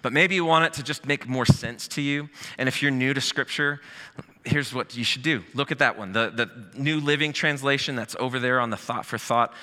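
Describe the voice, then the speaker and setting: Bright-voiced man preaching in a big hall. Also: medium pitch, brisk. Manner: casual, joking, lively teaching with acted asides. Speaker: pastor. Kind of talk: sermon teaching to a live and online congregation.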